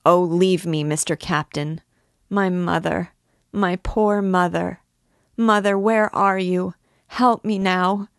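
A woman's voice: lowish voice, steady tone, slow, vocal fry, a little mellow, dry recording, studio quality. Woman reading as a lovestruck young gypsy girl. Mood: pleading. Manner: pleading, lovestruck.

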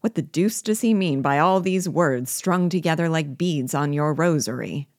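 A woman's voice: low-pitched, moderate pace, a little mellow, no room sound, studio quality, close to an everyday voice. A woman reading the part of a cold, sardonic male rebel general, mocking and commanding. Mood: scornful.

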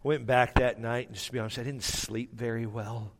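A man's voice: medium pitch, flat delivery, fairly quick, long reverb tail. A man preaching a sermon, telling a personal story with self-mocking humor and emotion. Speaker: pastor.

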